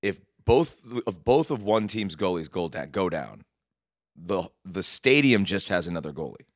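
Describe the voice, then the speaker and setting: A man's voice: low voice, sing-song, moderate pace, no room sound, clean studio sound. A man co-hosting a podcast in casual chat, wry and joking, with stumbling restarts. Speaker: podcast co-host.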